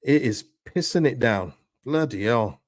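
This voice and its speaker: A man hosting a live football watchalong stream, reacting excitedly to the match and answering viewers' chat messages. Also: mid-range voice, a little slow, no room sound, clean studio sound. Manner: excitable, pleading, chatty with viewers.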